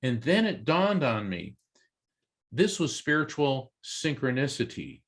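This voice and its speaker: An earnest man who grew up on the Florida coast tells a personal story as an interview guest. His voice sits at an ordinary middle pitch. He briefly acts out the voices of the people in his story. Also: very animated, unhurried. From East Coast Florida. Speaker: interview guest, psychic medium and author.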